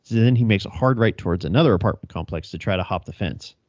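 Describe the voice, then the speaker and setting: On a casual podcast, a young male police officer tells a chase story, laughing, swearing and acting out radio calls. He talks fast in a low, darkish voice, and the recording is dry, dull and lo-fi with no room sound.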